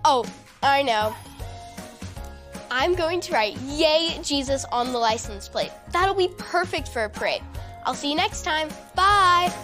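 A woman with a high voice hosts a children's church lesson with bright enthusiasm, prompting the kids to answer. Soft music plays faintly behind her. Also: animated, a little slow. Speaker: children's program host. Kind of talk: scripted kids' lesson.

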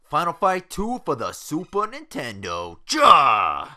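A brash young-sounding gamer man trash-talks his way through a game, cursing and yelping at every hit. His voice is bright and swings wildly in pitch, sitting a bit high for a man. Quiet game music plays underneath. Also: measured pace. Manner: brash, profane, excitable trash talk; loud outbursts and yelps. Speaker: gaming YouTuber. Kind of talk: let's play commentary.

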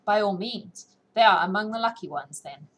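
A woman's voice: medium pitch, expressive, normal speed, fairly bright tone, a little hiss or hum, close to an everyday voice, rough recording. A woman reading the part of a courtly adult male prince in a classic novel audiobook, with a formal, drawling manner. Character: gracious, teasing adult male royal prince.

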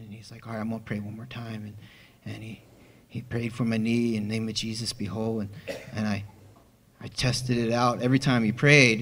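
A man telling a personal testimony in a chapel, excited and laughing often as he acts out the people in his story. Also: lowish voice. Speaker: church member giving testimony.

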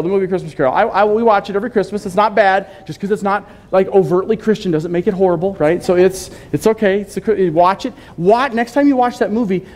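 A man's voice: sits high, darkish tone. A man pastor giving a sermon in a conversational way, asking the congregation questions and joking with them. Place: church sanctuary.

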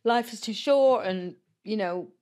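A woman's voice: mid-range voice, a little slow, a little mellow. A middle-aged woman guest talking frankly and chattily in a podcast interview, laughing easily and acting out the things people said to her. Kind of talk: candid conversational interview.

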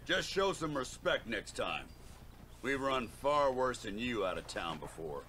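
An actor playing a stern, hostile frontier lawman in a video game, gruff and threatening. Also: mid-range voice, very animated, unhurried, pushed and bright, a little hiss or hum. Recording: game audio with ambience.

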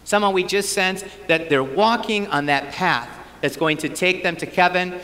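Animated high-voiced priest preaching. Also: male voice, moderate pace, big-room sound. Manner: animated, acts out his own inner thoughts. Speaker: priest giving a parish mission. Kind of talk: storytelling sermon. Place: church.

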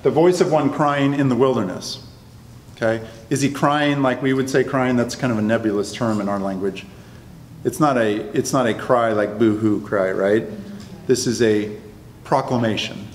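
Man, Bible class teacher, chatty lecture to a group, faint background noise, reverberant room. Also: medium pitch. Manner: conversational, checks in with the class often.

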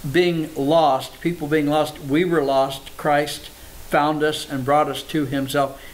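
A man's voice: a little high, little pitch movement, slow, low-quality recording. A man, a pastor, preaching a sermon, reading scripture aloud between plain explanations and repeating words for emphasis. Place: church service.

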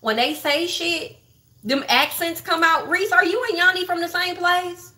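A woman's voice: extremely high pitch, steady tone, unhurried, sharp tone. A woman hosting a livestream, gossiping bluntly and profanely about online drama straight to her viewers. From Texas. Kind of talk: casual livestream commentary.

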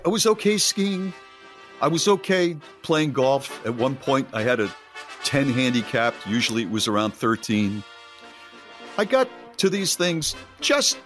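A man's voice: medium pitch, fairly bright tone. A middle-aged man co-hosting a radio show, chatting casually and rambling in a self-deprecating way with frequent restarts. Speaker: radio co-host. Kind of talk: casual morning-show banter.

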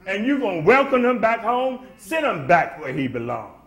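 A man's voice: high-pitched, sing-song, normal speed, fairly bright tone. A man preaching a sermon, swelling into emphatic, acted-out quotes in a church. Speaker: pastor. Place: church sanctuary. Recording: echoey church room.

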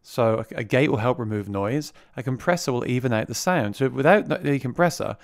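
A man's voice: medium pitch, brisk, vocal fry, dry recording, studio quality. A man giving a casual product demo, talking into a vocal mic routed through the mixer he is reviewing, chatty and repeating words as he restarts. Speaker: gear reviewer. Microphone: vocal mic routed through the mixer being reviewed.

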